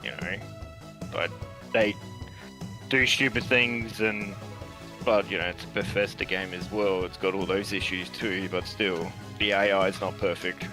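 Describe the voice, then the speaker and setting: An Australian man, a guest on a stream, chatting in a relaxed, rambling way on a voice call. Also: low voice, measured pace, music in the background. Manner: relaxed, rambling, hesitant with many fillers. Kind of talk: casual gaming chat. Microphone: voice chat call.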